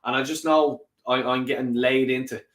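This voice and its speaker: A man hosting a football fan live stream, reading viewer comments in a lively, sweary way. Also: mid-range voice, moderate pace, roomy sound. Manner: animated and sweary, rants and laughs often. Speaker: football fan channel host.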